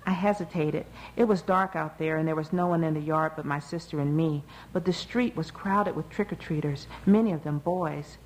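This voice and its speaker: A woman narrating a novel in a measured, expressive reading. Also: sits low, a little hiss or hum, rough recording. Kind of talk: audiobook narration.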